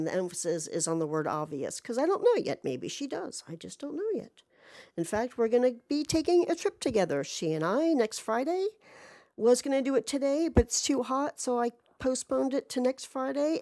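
Jaded-sounding woman, dark mellow voice. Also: high voice, sing-song, normal speed. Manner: rambling, candid, profane, self-deprecating. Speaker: podcast host. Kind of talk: casual personal monologue.

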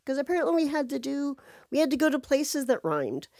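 A woman telling a rambling story in a casual monologue, chatty and animated, with sarcastic asides and swearing. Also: sits high, brisk, no echo, clean studio sound.

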